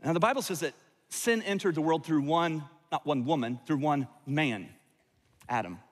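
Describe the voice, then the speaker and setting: A man preaching a sermon in an easy, wry, conversational manner, fond of asides. His voice sits a little high, and a long reverb from a large church auditorium trails each phrase. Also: animated, normal speed. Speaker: pastor.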